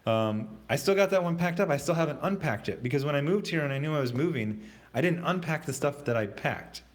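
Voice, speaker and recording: Hosting a casual livestream, a man reads out chat comments in a rambling, halting way, full of fillers and restarts. His voice is on the high side and animated.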